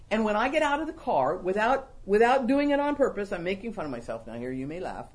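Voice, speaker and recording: Woman talk-show host, mid pitch, very expressive, self-deprecating humor. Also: fast talker, hardly any pauses. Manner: animated, self-mocking, laughs often. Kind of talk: casual faith-based talk show chat.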